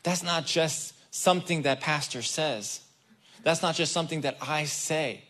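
A man's voice: fairly high pitch, a little slow, sharp tone. A man preaching a conversational sermon, talking straight to the congregation and acting out the people in the story. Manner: casual and chatty, addresses the congregation directly. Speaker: guest preacher.

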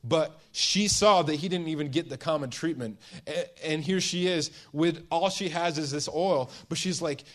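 A man preaching a sermon, retelling a scene with hushed and emphatic turns and many restarts. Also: a little high. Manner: storytelling, dramatizing a scene with voiced quotes; pauses and restarts, shifts between hushed and emphatic.

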